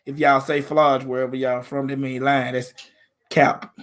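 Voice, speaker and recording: A man's voice: medium pitch, flat delivery, measured pace, fairly bright tone. A man from Memphis with a Southern accent, hosting a casual live stream about football in a laid-back, slangy way. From Memphis, Tennessee.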